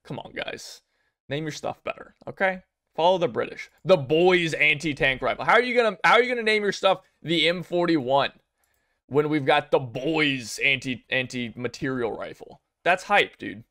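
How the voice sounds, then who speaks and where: A young man giving casual commentary on game news, rambling and excitable, with many fillers and restarts. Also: on the high side, moderate pace. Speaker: gaming video creator.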